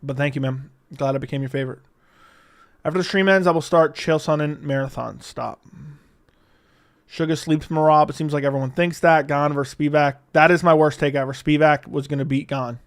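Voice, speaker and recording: A man's voice: on the high side, steady tone, a little fast. Profane ranting male streamer. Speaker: livestream host. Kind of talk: live stream reading chat.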